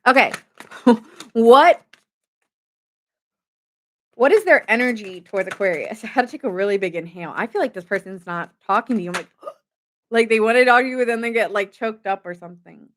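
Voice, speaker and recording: A woman's voice: on the high side, expressive, moderate pace, long pauses. Goofy, chatty woman tarot reader. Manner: goofy and chatty, jokes and giggles often. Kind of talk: casual late-night tarot reading.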